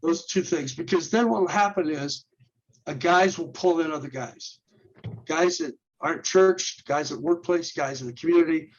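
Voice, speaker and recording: Earnestly laying out steps in an instructional interview, a men's ministry leader speaks at a moderate pace in a fairly high voice, often restarting words and asking rhetorical questions. Muffled recording.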